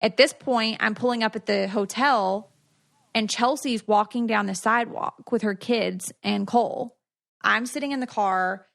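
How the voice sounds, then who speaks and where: A woman's voice: a little high, normal speed, gravelly, a bit bright. A woman co-hosting a podcast, telling a story in a chatty way, full of "like" fillers. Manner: chatty, many "like" fillers, quotes others in retelling. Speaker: podcast co-host. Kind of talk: casual storytelling.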